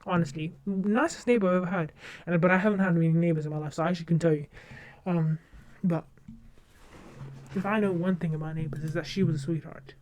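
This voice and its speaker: Young female streamer, warm mellow tone, gushing casual chat full of fillers. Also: lowish voice, steady tone, quick pace, slight background noise. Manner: rambling, gushing, many fillers and restarts.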